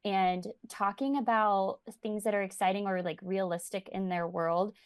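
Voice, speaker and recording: A woman's voice: mid-range voice, moderate pace, smooth, dry recording. Practical woman, dry close sound. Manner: steady, practical, explanatory. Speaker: speech-language pathologist, guest. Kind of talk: casual conversational interview.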